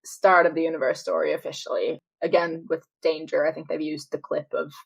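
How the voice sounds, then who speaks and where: A woman's voice: sits low, little pitch movement, a little fast, vocal fry, husky, rough recording. A woman co-hosting a podcast, chatting casually about song lyrics. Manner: chatty, paraphrases lyrics with dramatic read-outs. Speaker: podcast co-host.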